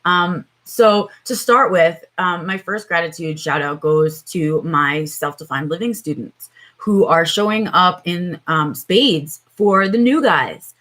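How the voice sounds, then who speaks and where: Woman, tired voice, chatty livestream host, lowish pitch, home mic. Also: slow, fairly bright tone. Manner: chatty, greets viewers by name, many fillers. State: tired, low-energy voice. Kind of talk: casual livestream talk.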